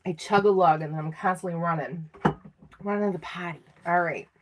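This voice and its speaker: A woman's voice: fairly low pitch, brisk, a little hiss or hum. A middle-aged woman giving a live tarot reading in a chatty, self-teasing way, laughing often. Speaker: tarot reader.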